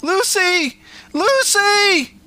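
A man voicing a panicking man with a spider lodged in his nose, shouting frantically in a high pitch. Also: expressive, very slow, full character voice. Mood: screaming panic.

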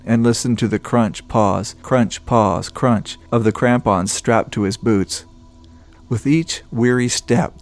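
A man reading a story aloud in a steady, descriptive narration. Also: lowish voice. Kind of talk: scripted narration.

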